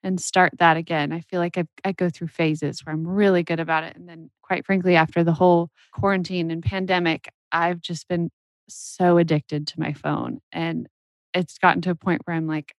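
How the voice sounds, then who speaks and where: Lower-voiced woman who laughs easily, dry studio. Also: flat delivery, normal speed, dry recording, dull audio. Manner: warm-hearted, laughs easily, conversational. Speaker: podcast co-host. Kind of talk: casual podcast chat.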